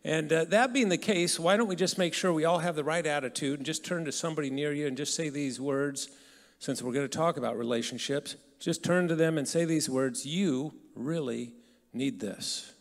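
A man tells stories to a live crowd in a large hall, his voice carrying a long echo. He speaks a little higher than most men and keeps it conversational, throwing questions out to the listeners. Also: brisk. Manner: conversational, asks the audience questions. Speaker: guest speaker. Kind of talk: storytelling talk to an audience. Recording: hall reverb.

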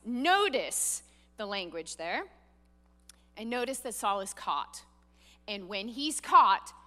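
A woman preaching a sermon, earnest and animated, acting out the quoted lines. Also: on the high side, big-room sound. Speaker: pastor.

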